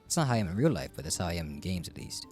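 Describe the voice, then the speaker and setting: A man's voice: deep voice, very animated, very fast, a little mellow, soft background music. A man casually chatting through a game he is streaming, rambling and joking about himself. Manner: chatty, rambling, self-deprecating. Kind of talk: casual gameplay commentary.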